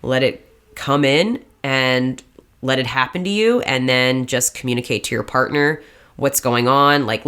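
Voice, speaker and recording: A woman's voice: rumbling low, normal speed, fairly bright tone, clear, resonant tone. Earnest woman podcast co-host. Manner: earnest, heartfelt. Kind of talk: casual chat.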